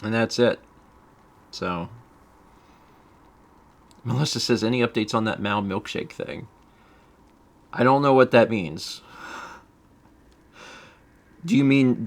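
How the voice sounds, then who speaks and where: A man's voice: medium pitch, expressive, takes it slowly, long pauses. A man chatting casually on a game stream, rambling and amused, with frequent fillers and asides.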